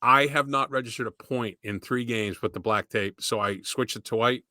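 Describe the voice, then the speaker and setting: A man's voice: medium pitch, normal speed, sharp tone, dry recording, studio quality. A middle-aged man co-hosting a podcast, rambling through stories with swearing and laughs. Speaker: podcast co-host. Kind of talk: casual chat.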